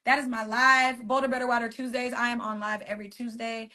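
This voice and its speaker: Bright, emphatic woman streaming live. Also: on the high side, flat delivery, brisk. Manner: emphatic, repeats phrases, chats with viewers. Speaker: author and wellness coach hosting a weekly live stream. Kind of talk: casual motivational live stream talk. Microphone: phone.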